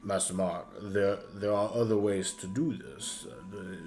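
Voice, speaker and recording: A man doing a meek, deep-voiced servant. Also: steady tone, unhurried, a little mellow, faint music behind. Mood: pleading. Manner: stammering, polite. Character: meek deferential male servant.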